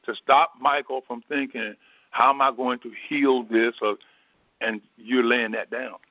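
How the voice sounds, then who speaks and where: A man giving a slow, reflective spiritual teaching, pausing often and filling gaps with small hesitations. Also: medium pitch, fairly even intonation, no room sound, lo-fi sound. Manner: slow, reflective, with many pauses and fillers. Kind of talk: sermon.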